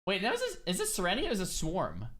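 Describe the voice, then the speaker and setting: Young male streamer; lively, chatty reaction commentary with a bouncy pitch. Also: fast talker. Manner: lively, laughing, restarts sentences.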